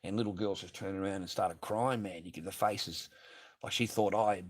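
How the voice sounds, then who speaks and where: Ranting, profane man, low voice. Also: fairly even intonation, moderate pace. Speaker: livestreamer. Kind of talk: ranting livestream monologue. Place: garage.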